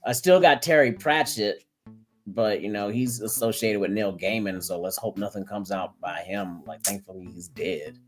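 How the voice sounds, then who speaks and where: A man's voice: on the low side, moderate pace, faint music behind. A man co-hosting a live podcast, telling dry, wry stories with casual swearing. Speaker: podcast co-host. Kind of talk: casual live-stream chat.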